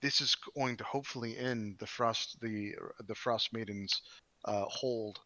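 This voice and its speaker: Man as arrogant tabletop wizard inventor, bright and lo-fi, self-assured, fussy restarts. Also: fairly low pitch, fairly even intonation, unhurried, no echo.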